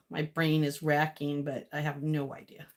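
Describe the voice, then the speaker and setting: A woman's voice: sits low, completely flat delivery, a little slow. A woman vlogging as she cooks, rambling to herself and her viewers and laughing often. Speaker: cooking vlogger. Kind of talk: casual kitchen chatter to viewers. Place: home kitchen. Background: clinking dishes and cutlery.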